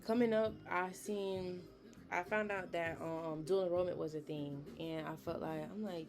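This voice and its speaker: Low-voiced young woman giving earnest encouragement. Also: steady tone, normal speed, over music. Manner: earnest, encouraging, chatty with frequent fillers. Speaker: podcast host. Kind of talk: casual motivational talk.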